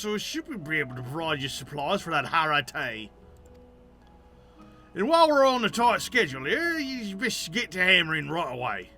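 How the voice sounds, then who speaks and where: A man voicing a proud, hearty male blacksmith in a game, with rough sailor-like speech and dropped words. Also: high-pitched, pushed and bright, heavily acted.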